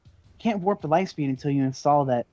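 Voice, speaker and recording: A man's voice: fairly high pitch, a little fast, a little mellow, soft background music. A man narrating as game master of a tabletop game, in loose, hesitant speech full of fillers. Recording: dull lo-fi recording.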